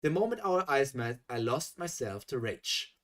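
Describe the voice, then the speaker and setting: Guy reading fanfic out loud on stream, animated, keeps getting exasperated. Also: medium pitch, moderate pace. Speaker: reaction streamer. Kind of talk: reading a fan story aloud with live reactions.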